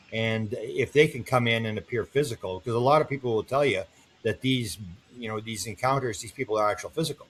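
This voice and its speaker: A man's voice: lowish voice, slight background noise. An older man, a guest on an interview podcast, telling long stories and acting out the voices of the people in them. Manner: animated storyteller, acts out quoted voices.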